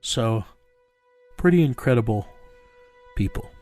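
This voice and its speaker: A man's voice: mid-range voice, expressive, slow, darkish tone, soft background music. An American man telling a tense story bluntly, with swearing, acting out what others said. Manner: blunt, profane, acts out quoted dialogue. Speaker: bounty hunter telling his story. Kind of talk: storytelling interview.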